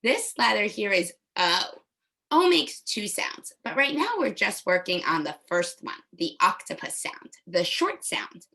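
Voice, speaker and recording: A woman leads a phonics lesson for small children, modeling each sound with careful, exaggerated articulation. Her voice is bright and clear, and she moves at an unhurried, deliberate pace. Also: medium pitch, sing-song. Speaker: teacher.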